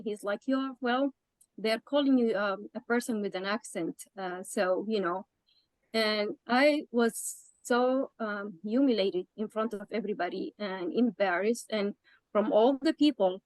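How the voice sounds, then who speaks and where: A woman participant in a webinar, sharing a personal account hesitantly, with many pauses and restarts. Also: medium pitch, a little mellow, no room sound, poor audio.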